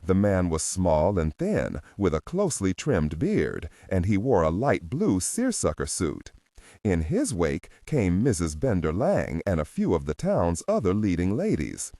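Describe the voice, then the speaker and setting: A man narrating an audiobook thriller in an expressive read. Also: low voice, a little slow, no room sound, studio quality. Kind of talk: scripted narration.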